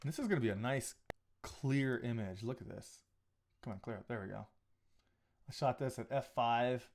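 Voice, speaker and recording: A man's voice: mid-range voice, moderate pace, gravelly. Rambling man editing photos on a live stream. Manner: rambling, thinking aloud with restarts. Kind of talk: casual live-stream talk while editing. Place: home photo studio.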